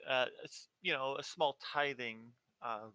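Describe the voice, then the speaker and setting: A man voicing a composed, courteous male high priest in a tabletop game, speaking politely with some hesitation. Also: measured pace, sharp tone, smooth, no echo.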